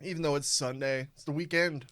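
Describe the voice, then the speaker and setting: Young male podcast co-host, jokey and playful, slightly high voice. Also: steady tone, fairly quick, fairly bright tone. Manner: playful joker who slips into silly voices. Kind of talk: casual chat.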